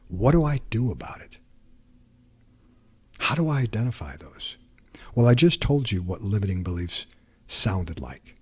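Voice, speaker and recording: In a deep, husky, slightly mellow voice, a man hosting a podcast gives a sincere pep talk in a coaching tone, acting out the inner doubts a listener might have.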